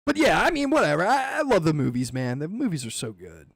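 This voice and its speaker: A man hosting a casual podcast chat, animated and swearing, acting out movie lines as he goes. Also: on the high side, quick pace, vocal fry, no room sound, studio quality. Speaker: podcast host.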